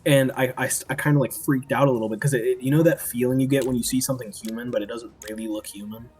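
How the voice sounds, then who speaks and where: Young male streamer, casual storyteller, rambly and profane, mid-pitched voice. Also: fairly even intonation, fast, a little mellow, breathy edge, soft background music. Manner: rambling, swears a lot, many fillers. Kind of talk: casual storytelling while gaming.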